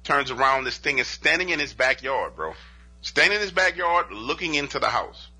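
A man with a strikingly bright, forceful voice that has a husky grain to it, spinning an eerie tale as a podcast guest. He talks casually, full of "you know" and "like," and jumps into the voices of the people he quotes. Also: mid-range voice, normal speed. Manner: animated, acts out witnesses' quotes in dialogue; conversational, peppered with "you know" and "like". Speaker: podcast guest telling paranormal encounter stories. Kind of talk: casual spoken storytelling.

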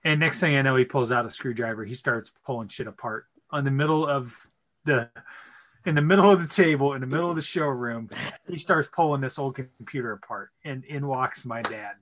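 A man's voice: medium pitch, fairly quick. A man co-hosting a podcast, telling a story in casual chat and swearing freely as he acts out the scene. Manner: profane, animated storyteller. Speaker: podcast co-host.

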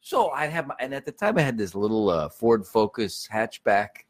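A man telling a story in casual chat, animated and profane. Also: lowish voice, moderate pace.

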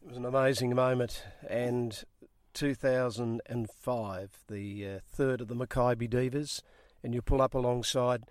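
A man's voice: mid-range voice, fairly even intonation, measured pace, few pauses, a little mellow, no echo. A man hosting an interview, prompting and thanking his guest. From Australia. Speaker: interview host. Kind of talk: radio-style interview.

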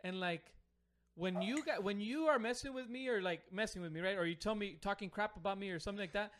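A young man with a notably high voice co-hosts a casual podcast chat with friends. He rambles through his points and leans heavily on fillers. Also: fast, a bit bright, a little hiss or hum. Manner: rambling, heavy with fillers like "you know". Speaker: podcast co-host.

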